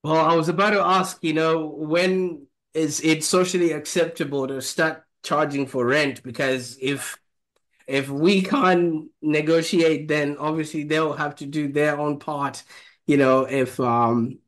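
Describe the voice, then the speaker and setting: A man hosting an interview, asking long questions in a rambling, halting way, full of fillers. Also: a little high, fairly even intonation, a bit bright. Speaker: podcast host.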